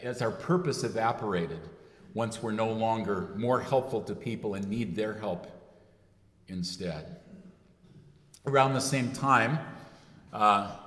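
A man's voice: fairly low pitch, slow, long pauses, a bit bright. A man giving a sermon, speaking loosely and correcting himself often with fillers. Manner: rambling, self-correcting with frequent fillers. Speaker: preacher. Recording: echoey hall with long reverb.

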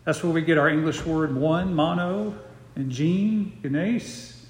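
A middle-aged man preaching an expository sermon, slowing down and repeating words to stress key phrases. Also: on the high side. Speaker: pastor. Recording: roomy hall reverb.

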